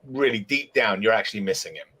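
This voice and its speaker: A man's voice: lowish voice, fast talker, a crowd in the background, low-quality recording. A man hosting a casual podcast, teasing his co-hosts. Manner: teasing, animated. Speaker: podcast host. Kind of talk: casual banter.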